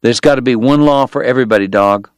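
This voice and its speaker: Stubborn frontier lawman, firm and plain, as a man reads him; even-pitched, dry storybook sound. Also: fast, no room sound, close to an everyday voice. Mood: insistent. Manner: firm, plain-spoken, insistent.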